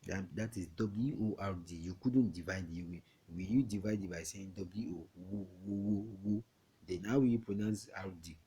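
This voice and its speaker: A man's voice: deep voice, moderate pace, dark tone, husky. A man with a Nigerian accent teaching an English lesson to young pupils, chatty and often asking if they understand. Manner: chatty, repeats questions to check understanding.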